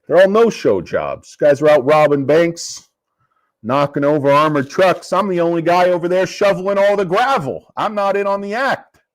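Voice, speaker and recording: Man hosting a stock show, combative and cussing, lively swinging delivery, fairly high voice. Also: normal speed. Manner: profane, combative. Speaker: stock market commentator. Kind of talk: casual investing rant.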